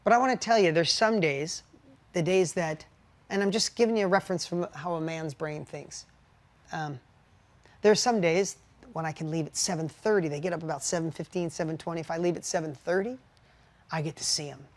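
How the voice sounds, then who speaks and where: A man's voice: fairly high pitch, fairly quick. A middle-aged man co-hosting a podcast with his wife, talking candidly in an earnest, heartfelt, confessional way and telling stories with animation. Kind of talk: candid conversational podcast talk.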